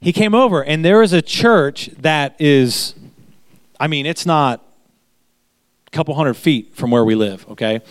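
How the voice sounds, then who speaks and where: A man's voice: on the high side, unhurried, pauses often, smooth, dry recording. A man pastor giving a chatty sermon, telling anecdotes and repeating phrases for emphasis. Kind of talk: conversational sermon.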